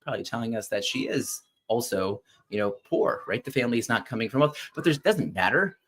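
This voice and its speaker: A man hosting a show, casually retelling a classic story in an animated way and often checking in with listeners. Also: medium pitch, fairly quick, slight background noise. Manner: thinks aloud with fillers and restarts. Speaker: podcast host.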